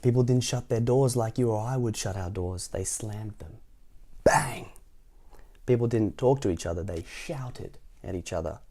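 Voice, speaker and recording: A man reading a picture book aloud in a playful, animated way, often asking the listener questions. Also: on the low side, normal speed, hardly any pauses. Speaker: storytime reader.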